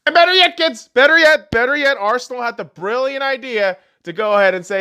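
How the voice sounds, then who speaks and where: A young man hosting a podcast, delivering a profane sports rant that swings between shouting and low muttering. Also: a little fast, few pauses, clear, resonant tone. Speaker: podcast host.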